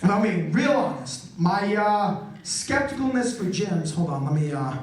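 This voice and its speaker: A man performing a stand-up comedy set, telling stories loudly and acting out the voices of people in them. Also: high voice, measured pace, slight background noise. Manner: loud, animated storytelling with acted-out quotes. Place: college theater stage with audience. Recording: echoey live venue, mic from a distance.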